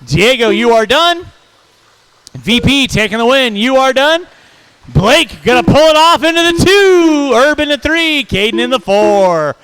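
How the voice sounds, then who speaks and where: A man calling a hobby race over the track speakers, brisk and jokey, reeling off driver names in quick runs. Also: extremely high pitch, lively intonation, a bit bright, smooth, low-quality recording. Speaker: race announcer. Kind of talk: live race commentary.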